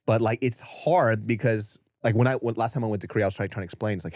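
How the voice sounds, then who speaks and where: Fast-talking low-voiced man. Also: a little mellow, no room sound, studio quality. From United States. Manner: quick, rambling, with frequent restarts. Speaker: podcast co-host. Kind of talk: casual chat.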